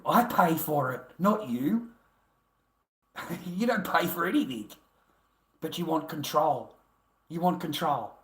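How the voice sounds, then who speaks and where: An Australian man ranting on his livestream in a taunting, repetitive way, full of swearing. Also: a little high. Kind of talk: profane livestream rant. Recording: roomy echo.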